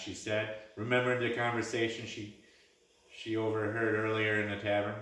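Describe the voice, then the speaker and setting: A man's voice: lowish voice, completely flat delivery, moderate pace, fairly bright tone. A man reading a story aloud, with small stumbles and restarts. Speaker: reader. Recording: echoey room, mic at a distance.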